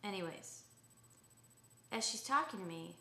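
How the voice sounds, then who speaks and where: A woman's voice: medium pitch, animated, unhurried, creaky, bright, forceful tone. A young adult woman vlogger telling a story in a chatty, rambling way, full of fillers and asides. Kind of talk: casual storytelling rant. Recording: echoey room.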